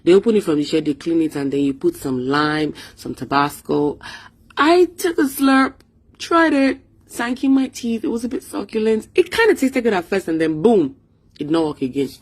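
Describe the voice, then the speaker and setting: A woman's voice: on the low side, animated, moderate pace. A Nigerian woman with a Nigerian accent, giving a playful, chatty vlog voice-over about food and joking about herself. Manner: playful, chatty, self-mocking, slips into pidgin. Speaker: food vlogger.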